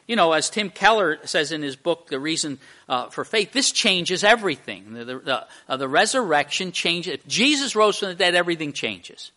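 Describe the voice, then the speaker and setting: A man's voice: sits high, very animated, moderate pace, few pauses, pushed and bright. A man preaching a sermon, conversational, with frequent restarts and repeated words. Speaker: pastor.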